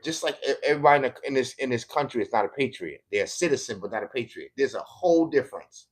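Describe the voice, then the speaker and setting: American male streamer, mocking and profane, ranting political commentary at a viewer. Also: medium pitch. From United States.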